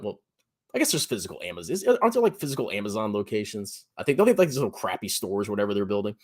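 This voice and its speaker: Blunt, lively finance guy in his thirties. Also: very fast. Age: 30s. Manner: blunt, sarcastic, jumps to high mocking pitch. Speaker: personal finance YouTuber. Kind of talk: animated solo commentary.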